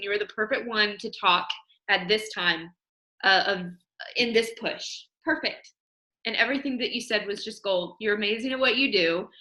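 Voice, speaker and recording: A woman's voice: medium pitch, sharp tone. Gushing woman in an echoey room. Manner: effusive and gushing with praise. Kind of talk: casual chat. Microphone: video call. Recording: echoey room on a video call.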